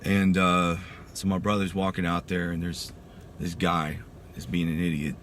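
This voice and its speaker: A man's voice: sits low, flat delivery, normal speed, a bit bright, a little hiss or hum. A man in his thirties, a military veteran, telling his story in a casual, emphatic way and saying "dude" often. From Texas. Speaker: veteran giving a testimony. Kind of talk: personal storytelling.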